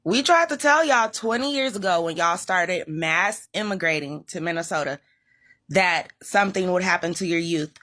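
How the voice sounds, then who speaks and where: A woman's voice: lowish voice, lively intonation, moderate pace, a bit bright. A woman in a casual rant to camera, lecturing and reproachful.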